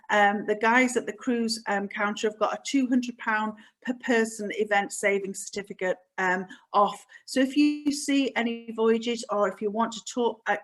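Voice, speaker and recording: Friendly woman pitching cruise deals. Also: fairly bright tone, poor audio. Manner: friendly, frequent "um" fillers. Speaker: cruise sales presenter. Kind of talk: virtual event sales presentation. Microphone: video call.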